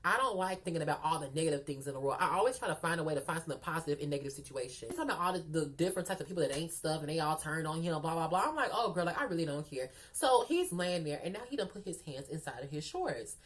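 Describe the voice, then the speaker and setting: A woman telling a story to her viewers in a sassy, animated, chatty way, often calling them girl and y'all. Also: low-pitched, rapid-fire, hardly any pauses. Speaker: storytime vlogger. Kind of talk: casual storytelling to the camera.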